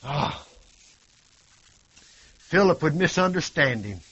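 A man preaching a sermon, swinging from loud cries to hushed tones and leaning on rhetorical questions and repetition. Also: fairly high pitch, lively intonation, takes it slowly, slightly rough. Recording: dull lo-fi recording.

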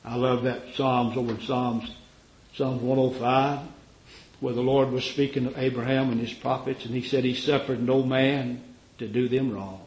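A man's voice: flat delivery, normal speed. Fervent preacher man, echoey lo-fi recording. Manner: fervent, rising to loud cries then dropping low; acts out the voices of Bible figures he quotes. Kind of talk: sermon.

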